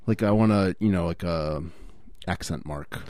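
A man co-hosting a podcast, laid-back and dropping quick deadpan quips in casual banter. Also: low-pitched, dry recording, studio quality. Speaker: podcast co-host.

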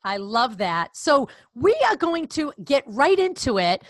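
A woman's voice: high voice, big pitch swings, a little slow, dry recording. A woman from Connecticut with a Boston accent, hosting a podcast interview in a bubbly, enthusiastic way. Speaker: podcast host. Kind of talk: casual interview chat.

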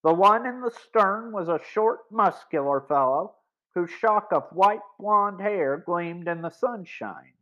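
A man narrating a boys' mystery audiobook in a measured, deliberate reading. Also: high voice, bright, forceful tone. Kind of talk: scripted story narration. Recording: dull lo-fi recording.

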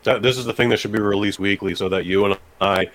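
A man's voice: fairly low pitch, steady tone, fast, fairly bright tone. A man co-hosting a podcast in casual chat, laid-back with dry reactions. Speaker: podcast co-host.

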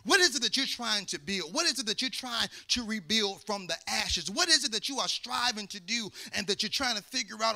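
A man's voice: sits high, lively intonation, brisk, few pauses, sharp tone. A male pastor preaching to his congregation, reading scripture in a rising, sing-song preacher's cadence. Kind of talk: sermon. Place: church sanctuary with congregation.

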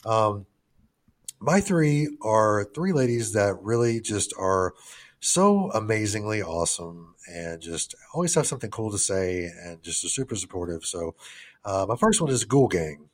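A man's voice: lowish voice, animated, measured pace. A middle-aged man co-hosting a podcast, rambling casually with plenty of swearing and jokes. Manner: rambling, profane, joking. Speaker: podcast co-host.

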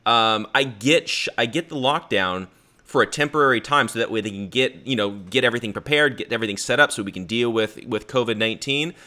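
Earnest, halting male co-host, low and bright. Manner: earnest, halting, with many restarts. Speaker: podcast co-host. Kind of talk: conversational news commentary.

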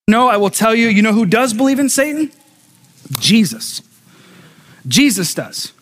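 A male pastor preaching from a stage microphone in a church sanctuary, his voice sitting high for a man. He keeps it conversational, putting questions to the congregation and talking with them rather than at them. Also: a bit bright. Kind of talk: sermon.

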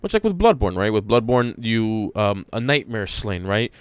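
A man's voice: fairly low pitch, lively intonation, normal speed, smooth, no room sound. A man co-hosting a podcast, explaining game details at length in a rambling way, with many restarts. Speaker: podcast co-host. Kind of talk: casual gaming chat.

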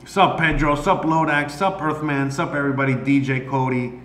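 A man's voice: mid-range voice, steady tone, normal speed, fairly bright tone. A man, an amateur comedian streaming, ranting casually and profanely and rambling with many fillers. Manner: rambling, heavy on "you know" fillers. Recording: roomy echo, faint background noise.

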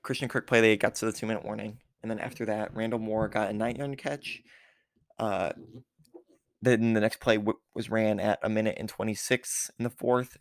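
Low gravelly man, rambling game recap. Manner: rambling with many fillers and self-corrections. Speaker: football fan recapping a game. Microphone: recording app with a time limit.

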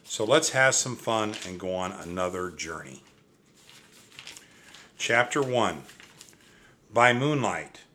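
Slow, gentle grandfatherly reader. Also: on the low side, expressive, slight background noise. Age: older. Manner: gentle, reassuring. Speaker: storybook reader. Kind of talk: children's story read-aloud.

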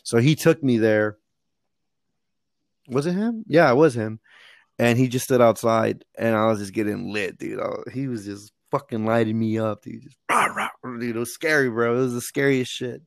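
A man's voice: mid-range voice, normal speed, creaky, dry recording, clean studio sound. A man, a former Marine, rambling through a profane war story in casual chat, full of fillers and restarts. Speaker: Marine veteran telling stories.

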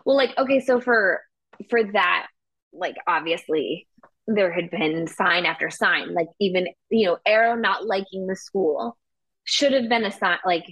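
A woman's voice: mid-range voice, unhurried, a bit bright, no room sound. A woman co-hosting a podcast, rambling through a personal story in easy, chatty talk full of "like." Her voice sits in a middle register. The recording is dry and close. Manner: chatty storytelling, heavy use of "like". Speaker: podcast co-host. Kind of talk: casual chat.

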